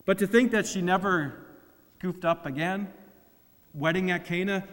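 A man's voice: high-pitched, moderate pace, a bit bright, long reverb tail. A man preaching a sermon, asking rhetorical questions and acting out quoted complaints. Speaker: pastor.

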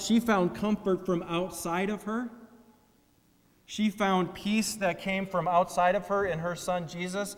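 A man's voice: high voice, in a large hall. A man preaching a sermon, asking rhetorical questions and acting out quoted complaints. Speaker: pastor.

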